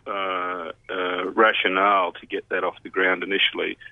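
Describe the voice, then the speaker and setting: A man, an institute head interviewed on radio, explaining things in a measured way with many pauses. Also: low voice, level tone, no room sound. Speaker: CEO of a health research institute. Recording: muffled phone line.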